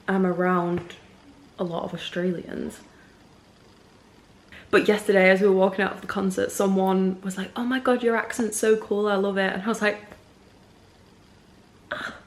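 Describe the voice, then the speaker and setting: A woman's voice: medium pitch, a little mellow. A young woman from Manchester with a Manchester accent, chatting in a rambling casual vlog full of "like" fillers. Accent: Northern English, Manchester. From Manchester, England. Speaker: vlogger. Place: outdoors walking around town, then a salon.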